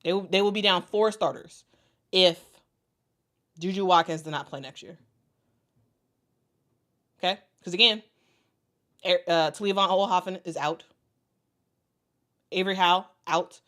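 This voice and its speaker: A woman's voice: fairly low pitch, unhurried, long pauses, fairly bright tone. A woman commentating on basketball in a casual way, reading out viewer comments and repeating her points for emphasis. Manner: emphatic, repeats herself for stress.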